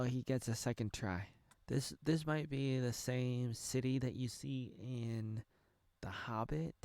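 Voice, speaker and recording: A man's voice: mid-range voice, darkish tone, smooth, no echo, studio quality. Rambling jokey man in his thirties. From United States. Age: 30s. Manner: rambling, jokey, thinking aloud. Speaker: reaction video creator. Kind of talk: casual reaction commentary.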